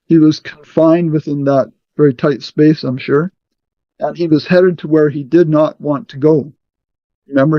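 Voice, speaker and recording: Deliberate man leading a Bible study. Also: fairly high pitch, dry recording. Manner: deliberate, checks in with "okay" often. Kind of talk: teaching a scripture study. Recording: muffled, dry sound.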